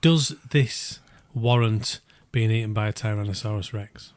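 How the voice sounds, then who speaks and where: A man's voice: fairly low pitch, measured pace, clean tone. A man co-hosting a podcast, laid-back, chiming in with agreement and wry asides. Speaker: podcast co-host. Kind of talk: casual chat.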